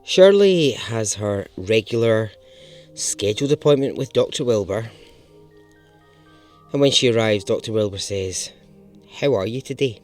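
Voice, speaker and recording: A man's voice: on the low side, lively intonation, measured pace, long pauses, a little mellow, faint music behind. A man hosting a podcast, telling a true story in a chatty, casual way and swearing now and then for emphasis.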